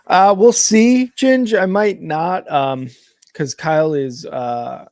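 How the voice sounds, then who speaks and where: A man chats casually through a live football watch-along. His voice sits a little high and sounds close-miked and dry. He rambles with fillers and corrects himself as he reacts to the plays. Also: slow, darkish tone, no room sound. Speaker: co-host of a game watch-along stream. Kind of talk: casual live sports chat and play-by-play reactions.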